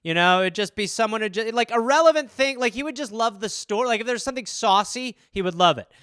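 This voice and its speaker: A man's voice: sits high, animated, fast, pushed and bright, smooth, no echo, studio quality. A man hosting a comedy podcast, riffing casually in a rambling way full of "like" and restarts, swearing freely.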